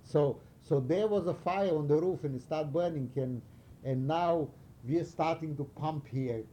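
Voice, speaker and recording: An older man from Romania in an oral history interview, telling wartime stories haltingly as he searches for words, with some animated moments. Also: on the high side, slight background noise. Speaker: interviewee recalling wartime past.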